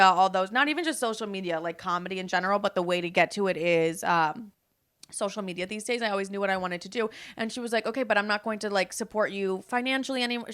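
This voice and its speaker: Fast-talking woman podcast host. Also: mid-range voice, a bit bright. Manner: chaotic, swearing storyteller. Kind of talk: casual chat.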